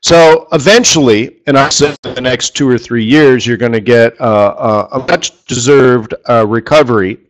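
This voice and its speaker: A man's voice: medium pitch, moderate pace, hardly any pauses. A man hosting a live forex trading session, chatty and rambling, tossing questions to his viewers as he goes.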